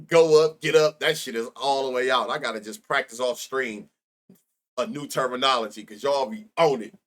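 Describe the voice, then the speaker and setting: A man's voice: mid-range voice, moderate pace, bright, forceful tone. A young man streaming live about sports bets, rambling and profane, laughing often and talking straight to his chat.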